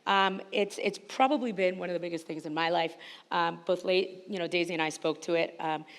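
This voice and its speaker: Brief: animated panelist, woman with a slight Spanish-influenced accent, hall reverb. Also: fairly low pitch, a little fast. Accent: Spanish-influenced English. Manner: energetic, emphatic, laughs often. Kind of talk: panel discussion. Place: conference hall stage.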